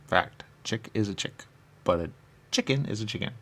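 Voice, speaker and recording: Here a radio host with a fairly low, slightly bright voice talks at a moderate pace, expressive throughout. His monologue is comic and rambling, a silly loop of questions he puts to himself and then answers.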